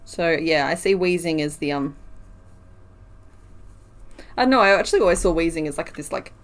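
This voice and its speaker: A woman's voice: sits low, animated, moderate pace. Chatty woman counting crochet stitches. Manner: chatty, counts stitches aloud, reads and answers chat. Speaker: crochet streamer. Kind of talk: casual livestream chat while crocheting.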